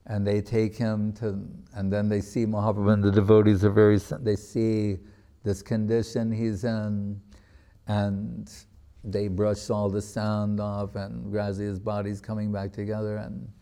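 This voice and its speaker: Mellow low-voiced man telling sacred stories. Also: clear, resonant tone. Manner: conversational retelling with casual fillers. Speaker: spiritual teacher. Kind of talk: storytelling religious talk.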